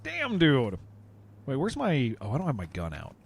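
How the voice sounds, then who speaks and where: A man's voice: medium pitch, huge pitch swings, normal speed, gravelly, background noise. A man streaming a game, chatting casually with viewers in a rambling, joking way and laughing often. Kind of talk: casual livestream chat while playing.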